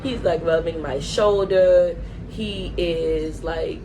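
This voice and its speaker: A woman's voice: lowish voice, fairly even intonation, slow, noisy background. A young woman vlogger telling a casual story at home, full of "like" and "um" fillers. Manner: chatty, lots of "like" and "um" fillers. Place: at home, indoors.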